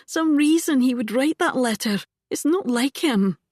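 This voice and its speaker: A resolute young heroine, as a woman narrator puts her on, speaking firmly and with urgency. The delivery is slow and measured, recorded close and dry. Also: high voice, lively intonation, darkish tone, no room sound, pitched above the performer's own voice. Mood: determined. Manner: firm, urgent.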